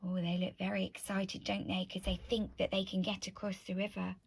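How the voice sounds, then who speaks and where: A woman teacher reading a picture book to children, gentle and asking them questions. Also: mid-range voice, little pitch movement, brisk, creaky, husky.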